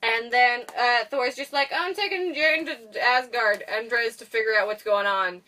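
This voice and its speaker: A woman's voice: on the high side, moderate pace, pushed and bright. A young woman co-hosting a podcast, rambling and giggly as she recaps a film and acts out its characters' lines. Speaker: podcast co-host. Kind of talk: casual movie recap chat. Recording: voice from far off the mic.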